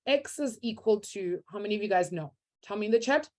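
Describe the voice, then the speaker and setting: A woman's voice: medium pitch, animated, fairly quick, a little mellow. A young woman teaching a live online maths class, upbeat and encouraging as she reads out students' answers from the chat.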